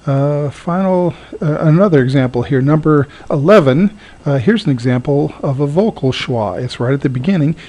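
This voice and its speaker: A man teaching a recorded lesson, halting with frequent fillers and repeating words slowly to model their sound. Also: fairly high pitch, warm tone. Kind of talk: recorded lecture.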